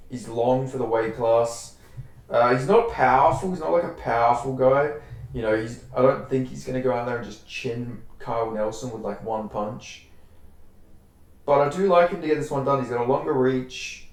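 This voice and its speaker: Aussie guy rambling thru fight picks, repeats himself a lot, swears, mid pitch, super echoey room. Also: darkish tone. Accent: Australian. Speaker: MMA fight predictions host. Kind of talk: casual fight predictions.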